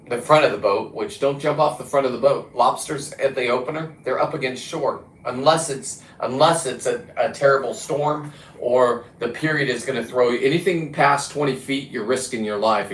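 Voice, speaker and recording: A man talking in a casual, rambling monologue about diving and fishing, blunt and profane, often restarting his sentences. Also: mid-range voice. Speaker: diver and fishing vlogger. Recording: roomy echo.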